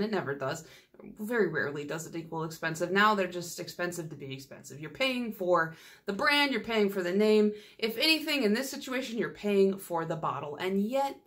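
A woman's voice: medium pitch, a bit bright. A young woman hosting a nail polish channel, chatting casually and teasing herself with playful exaggeration. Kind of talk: casual vlog chat.

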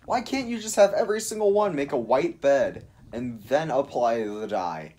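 A man's voice: mid-range voice, expressive, moderate pace, hardly any pauses, a little mellow, slight background noise. A man chatting casually while playing a video game, ranting in an exasperated way about its rules. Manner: ranty and exasperated. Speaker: gaming YouTuber. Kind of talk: casual gaming chat.

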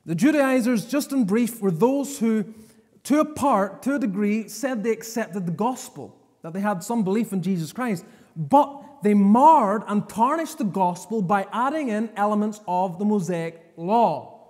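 Preacher guy, high-ish voice, hammers his points over and over, big church echo. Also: expressive, unhurried, darkish tone. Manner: emphatic, repeats phrases for stress. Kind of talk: sermon. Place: church sanctuary. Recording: long church reverb.

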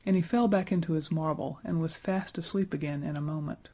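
A man reading a fantasy storybook aloud in a steady, even storytelling manner. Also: a little high, fairly quick, hardly any pauses. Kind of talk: storybook narration.

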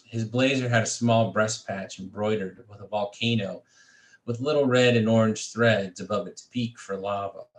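A man reading his own fiction aloud at a steady, measured pace, now and then restarting a phrase. His voice sits low, and the room gives it a clear echo. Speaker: creative writing faculty reader. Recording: echoey room.

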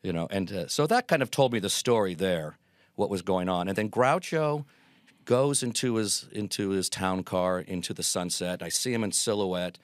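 A middle-aged man with a low, deep voice spins anecdotes as an interview guest. He acts out the quotes with lively energy. The sound is dry and close. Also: normal speed, no echo. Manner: animated anecdotes with acted quotes. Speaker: guest, Groucho performer. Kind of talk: storytelling interview.

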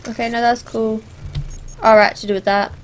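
A woman doing let's play commentary, sarcastic and animated, talking back at the characters on screen. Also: fairly high pitch, moderate pace, slight background noise, poor audio. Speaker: gameplay commentator.

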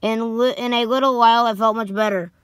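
A young woman reading a children's book aloud slowly, stumbling over names and dropping sarcastic asides. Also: on the high side, steady tone, clean tone, no echo. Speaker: storybook reader.

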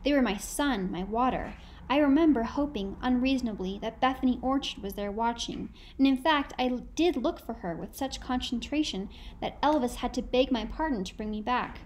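A woman narrating a first-person novel in a measured, reflective storytelling manner. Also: on the high side, a little mellow, a little hiss or hum, low-quality recording. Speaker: audiobook narrator.

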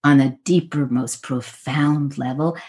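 A middle-aged woman on a podcast, telling a personal story in an earnest, halting, reflective way with frequent pauses. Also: a bass voice, fairly even intonation, darkish tone. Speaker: podcast guest.

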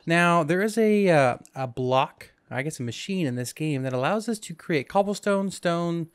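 A man's voice: on the high side, expressive, moderate pace, clear, resonant tone, no room sound. A man hosting a casual let's-play, talking through his game in a goofy, rambling way with jokes to himself, sleepy and yawning. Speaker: gaming channel host.

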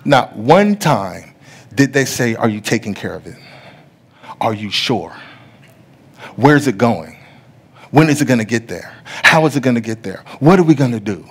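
A middle-aged man preaching a sermon as pastor, telling stories that act out other people's voices and building to loud preaching. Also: a little high, breathy edge. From USA. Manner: storytelling, rising to loud preaching; acts out the voices in his stories.

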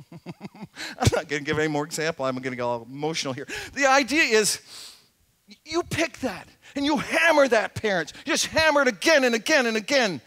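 A middle-aged man preaching as a pastor in a church, earnest and conversational, swinging between emphatic points and quiet asides. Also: high-pitched, very animated, normal speed. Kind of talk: sermon. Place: church sanctuary.

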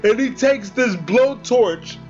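A man's voice: very high voice, expressive, slow, darkish tone, highs cut off, faint music behind. A man giving a casual, chatty movie review, slangy and talking straight to his viewers. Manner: slangy, chatty, addresses viewers as guys and bro.

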